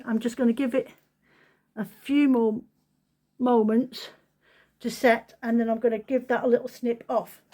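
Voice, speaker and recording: A woman's voice: high-pitched, low-quality recording. A woman running a craft demonstration, chatting through each step in a casual, self-deprecating way. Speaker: craft shop owner demonstrating.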